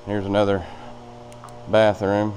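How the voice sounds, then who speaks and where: Low-voiced man touring an old factory. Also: monotone, takes it slowly, darkish tone, soft background music. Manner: rambling, plainspoken, with fillers. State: out of breath. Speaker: vlogger touring a building. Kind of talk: casual walkthrough narration. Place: large empty old factory, indoors.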